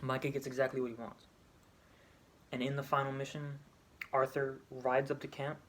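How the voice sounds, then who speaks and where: A man's voice: medium pitch, little pitch movement, moderate pace, fairly bright tone, a little hiss or hum. Man rambling through a game story. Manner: rambling, with frequent restarts and self-corrections. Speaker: video creator. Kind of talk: casual retelling of a game story.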